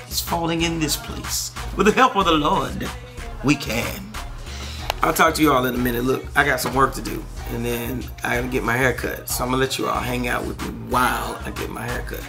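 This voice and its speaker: Pastor guy vlogging from his church office, gravelly voice, open and personal, laughs a lot. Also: mid-range voice, steady tone, brisk, music in the background. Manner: candid, personal, laughs often. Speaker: pastor and gospel singer. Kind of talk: casual vlog talk to camera.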